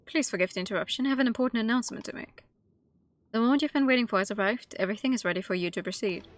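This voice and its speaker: A woman with a slightly high, natural voice races through the lines of a game's announcer figure. The character is a mysterious, polite, grand announcer, and she delivers it in a formal, ceremonious mood.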